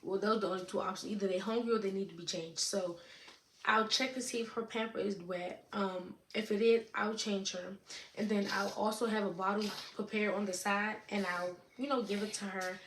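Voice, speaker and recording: A young woman in her late teens chatting casually to camera, answering viewer questions in a relaxed way, with lots of "you know what I'm saying.". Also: medium pitch, fairly quick. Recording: echoey room with faint noise.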